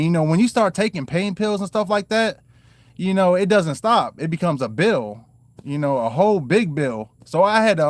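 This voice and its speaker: A man's voice: high voice, no room sound. Rambling man with a lilt. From Maryland and North Carolina, US. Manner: rambling, frequent "you know" fillers and restarts. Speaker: channel host telling his own story. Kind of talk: casual storytelling to camera.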